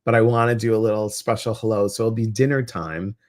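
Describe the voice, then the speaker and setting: A man with a Chicago accent hosting a casual livestream, upbeat and excitable as he talks straight to his viewers. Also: fairly low pitch, fairly quick. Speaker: livestream community host.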